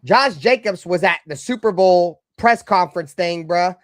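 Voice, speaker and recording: High-pitched cursing fan ranting hotly. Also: male voice, normal speed, no echo. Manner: heated, cursing, swinging between loud outbursts and low mutters. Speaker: live stream host. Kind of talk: profane fan rant.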